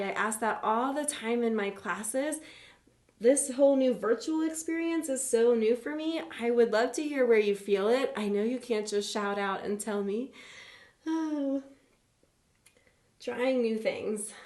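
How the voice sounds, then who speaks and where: Slow, gentle woman teaching yoga in an echoey room. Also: on the high side. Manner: gentle, encouraging, playful. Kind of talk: live online yoga class instruction.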